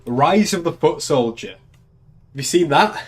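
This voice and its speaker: A man's voice: on the high side, expressive, a little slow, breathy edge. An English man, a young adult, chatting casually on a live stream, laughing often and swearing freely. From England. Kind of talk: casual chat.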